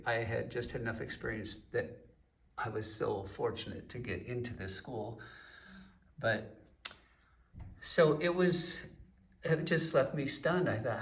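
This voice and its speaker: A man teaching a painting lesson, explaining at an unhurried pace while pointing at his work and mixing in stories. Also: mid-range voice, vocal fry, a bit bright, distant mic. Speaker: painting instructor.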